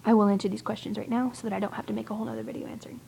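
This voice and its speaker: A young woman vlogging to a friend, talking mostly in a hushed whisper and rambling with hesitant fillers. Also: mid-range voice, flat delivery, racing, vocal fry, slight background noise, poor audio. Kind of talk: casual whispered video chat to a friend.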